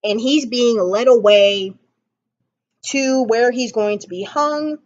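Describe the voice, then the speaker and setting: A woman's voice: a little high, takes it slowly, dull audio. A woman giving a casual spoken album review, enthusiastic and rambling, with frequent ums and restarts.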